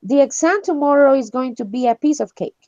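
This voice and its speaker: A woman's voice: high-pitched, expressive, fairly quick, mellow, dry recording. Woman english teacher, upbeat, laughs a lot, dull dry lo-fi sound. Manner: encouraging, laughs often. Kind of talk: online English class.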